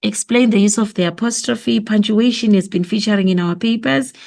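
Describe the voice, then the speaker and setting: A woman with a South African accent works through an exam memo in a revision lesson, thinking aloud and repeating her answers. Her voice sits in the mid-range, brisk and gravelly with a darkish tone.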